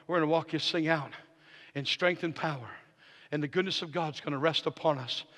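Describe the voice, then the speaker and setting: A man preaching a charismatic sermon as guest speaker, swinging from hushed talk to shouted declarations and telling stories with quoted dialogue. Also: fairly high pitch, brisk. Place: church sanctuary. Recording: long hall reverb of a church.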